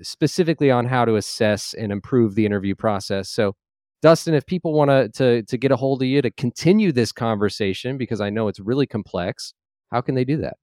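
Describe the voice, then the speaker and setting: A man's voice: medium pitch, darkish tone, no echo, studio quality. Friendly man hosting a podcast. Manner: affirming, friendly, quick interjections. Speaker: podcast host. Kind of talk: casual podcast interview.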